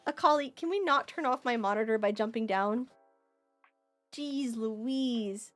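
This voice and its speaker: A woman streamer giving live game commentary, excitable, swinging from muttering to shouting and swearing freely. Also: on the high side, a little slow.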